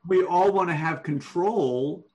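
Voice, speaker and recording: A man giving one-on-one manuscript feedback over an online call, explaining deliberately and thinking aloud. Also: sits high, a little mellow, lo-fi sound. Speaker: writing coach.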